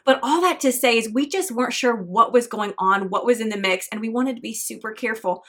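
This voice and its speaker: Earnest, fairly high-voiced woman podcast host. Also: a bit bright. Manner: earnest, encouraging, faith-tinged. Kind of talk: solo motivational podcast monologue.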